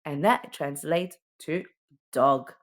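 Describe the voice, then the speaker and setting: A woman teaches the alphabet in a relaxed, chatty way. Her voice sits a little low, and she checks in often with "okay?" as she goes. She explains patiently and keeps it homely. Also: slow pace. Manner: chatty, explains with repeated okays and ums. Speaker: homeschooling teacher. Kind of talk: casual alphabet lesson.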